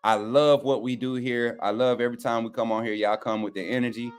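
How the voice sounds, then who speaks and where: A man's voice: mid-range voice, fairly quick, clean tone. A young man, a co-panelist on a sports show, chatting casually and folksily with his viewers. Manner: relaxed, folksy, addresses viewers as y'all. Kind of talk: casual live stream chat.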